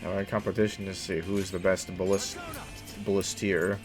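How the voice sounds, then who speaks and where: A man co-hosting a let's play, talking in an animated, jokey, profane way. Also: low voice, moderate pace, over music. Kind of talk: casual gameplay commentary.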